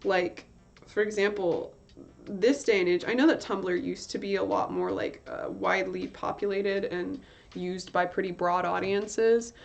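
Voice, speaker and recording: A woman's voice: mid-range voice, steady tone, measured pace, vocal fry. Young woman rambling on a livestream. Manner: rambling, heavy on fillers, corrects herself mid-sentence. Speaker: art livestreamer. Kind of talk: casual livestream chat while drawing. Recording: slightly dull lo-fi stream audio.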